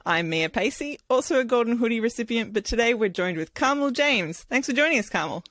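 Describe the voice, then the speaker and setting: A woman's voice: fairly high pitch, brisk, dry recording. Friendly woman podcast host, dry sound. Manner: friendly, laughs often, relaxed questions with "um". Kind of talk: casual interview chat.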